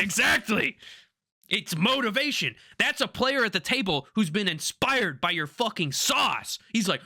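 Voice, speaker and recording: A young man co-hosting a podcast in casual chat, excitable and swearing freely. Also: sits high, measured pace, no echo, studio quality. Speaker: podcast co-host.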